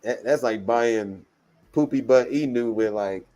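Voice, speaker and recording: A man in relaxed podcast banter, slangy and joking. His pitch is average for a man. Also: measured pace. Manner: laid-back, slangy and joking. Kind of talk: casual chat.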